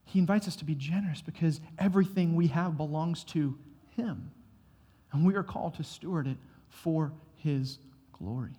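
A man's voice: a little high, normal speed, mellow, slightly rough. A man preaching a sermon in a church, conversational, acting out short bits of dialogue as he goes. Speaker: pastor. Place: church sanctuary. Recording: long hall reverb.

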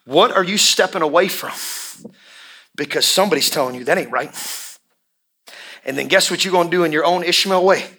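A fiery pastor delivering a sermon in a bright, forceful voice that sits a little high for a man. He drops to a near hush and then climbs into full shouts, hammering phrases over and over. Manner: impassioned, swings from hushed to shouting; drawn-out emphatic repetitions.

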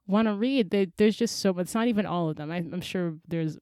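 A woman hosting a casual book chat, telling a story in an animated way with frequent laughs. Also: fairly low pitch, fairly quick, dry recording.

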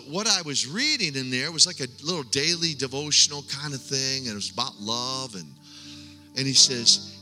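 A middle-aged man preaching a sermon with a personal testimony, speaking earnestly with halting restarts and dropping to hushed tones. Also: a little high. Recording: long hall reverb, faint music.

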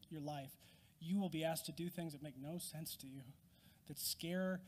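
A man preaching a sermon as pastor in a church, earnest and conversational, acting out quoted voices. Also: a little high. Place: church sanctuary. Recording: long reverb of a large hall.

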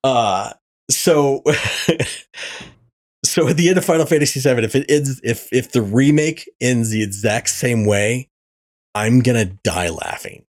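A man hosting a casual podcast chat. His pitch swings widely as he tells animated stories, laughing and cursing along the way. The recording sounds rough, like it came from a faulty mic. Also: a little slow. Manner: animated storytelling, swearing and laughing. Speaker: podcast host. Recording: poor audio from a faulty mic.

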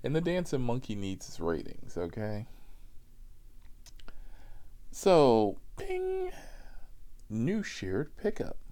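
A man, a rideshare driver, telling a comic story in an animated, profane way with many asides. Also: medium pitch, slow pace, long pauses.

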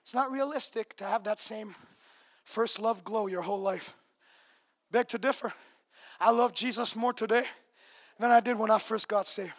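High-voiced shouting male preacher. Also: normal speed, long pauses. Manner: swings from low conversational asides to shouted declarations; repeats phrases for emphasis. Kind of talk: revival sermon. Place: large outdoor crusade gathering.

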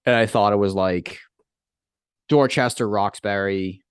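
A man rambles through a casual podcast chat, hedging and swearing as he goes. His voice sits fairly low, and the recording is close and dry. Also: steady tone, unhurried, clear, resonant tone, no room sound. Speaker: podcast co-host.

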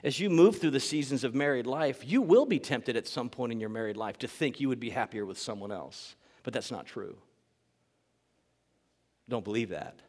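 A man's voice: medium pitch, animated, moderate pace, darkish tone, long reverb tail. A man preaching a sermon as pastor, earnest and emphatic, repeating key phrases for weight.

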